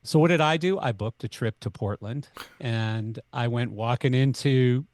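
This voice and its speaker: Middle-aged Canadian man, animated podcast storyteller, dry close mic. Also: medium pitch, moderate pace, dry recording. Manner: animated, acts out both sides of dialogue. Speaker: podcast guest. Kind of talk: conversational storytelling.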